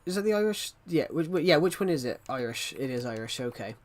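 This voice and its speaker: A man's voice: on the high side, animated, fast. A man chatting casually on a livestream, rambling and restarting his sentences as he talks to viewers.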